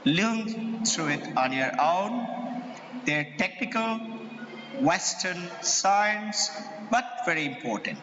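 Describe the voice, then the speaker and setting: A middle-aged man with an Indian English accent, a school president telling personal stories to parents in an animated, story-acting way. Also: sits high, slow, highs cut off, over music. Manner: animated storyteller, acts out quoted voices. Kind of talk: motivational talk with personal stories. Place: large hall before an audience. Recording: echoey hall, faint ambience.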